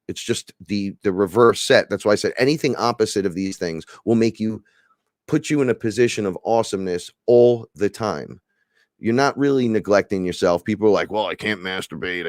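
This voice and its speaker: A man hosting a casual spiritual podcast chat, animated and profane, acting out imagined back-and-forth dialogue. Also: on the low side, dry recording, clean studio sound. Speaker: podcast host.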